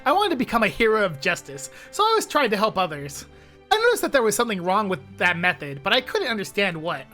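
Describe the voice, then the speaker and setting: A woman's voice: mid-range voice, very animated, quick pace, fairly bright tone, faint music behind. A woman reading as an earnest teenage boy hero. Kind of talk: reading a visual novel aloud.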